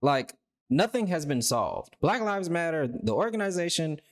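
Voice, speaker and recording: A man's voice: a little high, sing-song, normal speed. A man hosting a reaction video, talking loosely and rambling with lots of filler words. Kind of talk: casual reaction commentary.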